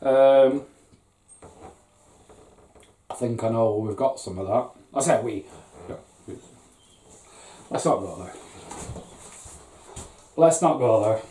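A man's voice: medium pitch, slow pace, long pauses, dark tone, slight background noise. A middle-aged man chatting casually and swearing as he unboxes home-brewing gear, rambling and poking fun at himself. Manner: rambling, sweary, self-mocking. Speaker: home brewer, channel host. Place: garden brew shed. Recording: echoey room, distant mic.

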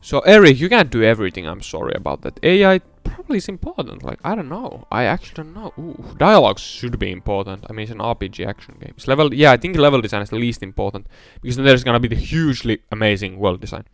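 A young man giving casual let's-play commentary, rambling between mumbled asides and loud excited outbursts. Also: medium pitch, fast talker, creaky, hardly any pauses, dry recording, faint music behind.

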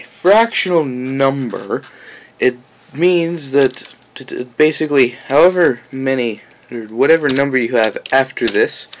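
A man talks through a software tutorial at an unhurried, drawn-out pace, wandering and correcting himself as he goes. Now and then he lights up with playful excitement, his voice sitting at an ordinary middle pitch. Faint keyboard typing and mouse clicks sit in the background. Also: a little hiss or hum. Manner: rambling, self-correcting, bursts of playful excitement. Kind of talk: casual screencast tutorial.

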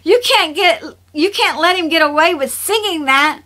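A woman voicing an excitable, mischievous little girl in a storybook reading, eager and insistent. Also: extremely high pitch, moderate pace, pitched above the performer's own voice.

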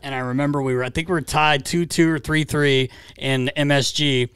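A man co-hosting a podcast, telling stories in a relaxed casual chat and mimicking the people he talks about. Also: a little high, a little fast, clear, resonant tone, no room sound. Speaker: podcast co-host.

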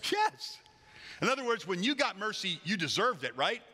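A man preaching a sermon as a pastor, lively and joking, acting out voices as he tells the story. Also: sits high, normal speed, husky, big-room sound. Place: large church hall.

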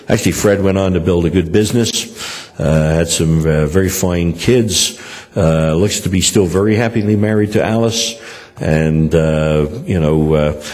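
A man's voice: sits low, a little mellow, in a large hall. An older man preaching a sermon and telling personal stories in a rambling way, with frequent hesitations and restarts. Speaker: pastor. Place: church hall.

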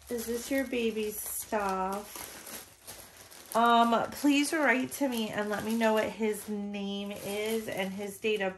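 Gushing woman, near tears, slow-talking. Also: mid-range voice. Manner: sighs and soft laughs between words. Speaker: reborn doll channel host. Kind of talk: casual box-opening vlog.

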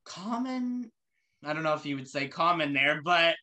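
A man's voice: a little high, lively intonation, normal speed, pushed and bright. A man hosting an interview show, asking questions casually with lots of fillers and loose, rambling answers. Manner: rambling, many fillers, friendly.

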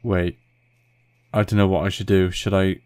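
A man's voice: sits low, level tone, moderate pace, a little mellow, smooth. A man giving casual let's play commentary into a desk mic on a stand, with swearing, panicky outbursts and self-mocking jokes. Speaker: gaming video host.

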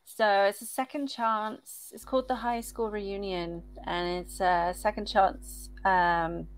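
A woman's voice: medium pitch, fairly even intonation, slow pace, smooth. A woman co-hosting a writing livestream, chatting casually with frequent laughter and a rambling way of talking. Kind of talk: casual chat.

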